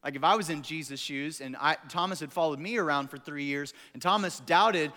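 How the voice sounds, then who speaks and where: A man's voice: on the high side, brisk. A man preaching as a pastor, telling stories animatedly and acting out quotes for laughs. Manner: animated, jokey storytelling with acted-out quotes. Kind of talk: sermon. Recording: echoey hall.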